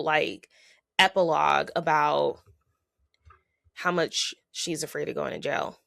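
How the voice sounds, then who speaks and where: A woman's voice: lowish voice, creaky, a bit bright, no room sound, clean studio sound. A woman hosting a podcast, talking in a chatty, opinionated way with lots of fillers. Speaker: podcast host. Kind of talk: casual chat.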